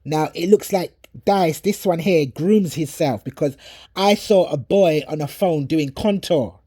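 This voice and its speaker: Recorded on a handheld phone at home in England, a prophetic ministry preacher comments on a dream and a played video, giving an earnest, preachy warning and quoting scripture. The voice is medium-pitched and warm, with a measured pace.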